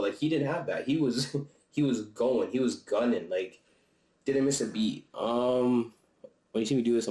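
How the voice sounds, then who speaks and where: A man's voice: mid-range voice, a little mellow. Young man in a casual vlog, echoey room. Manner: loose, slangy and profane, with frequent laughs and restarts. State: slightly out of breath. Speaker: vlogger reviewing a concert. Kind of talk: casual chat. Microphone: camera-mounted mic.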